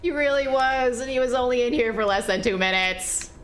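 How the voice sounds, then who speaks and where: Female streamer, slightly high voice, lively and swearing, casual game commentary, light background hiss. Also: brisk. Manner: animated, swearing, laughing, chatting with viewers.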